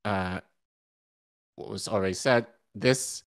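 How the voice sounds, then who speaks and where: A man co-hosting a casual political commentary podcast, speaking in a measured way and thinking aloud with restarts. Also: lowish voice. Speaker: podcast co-host.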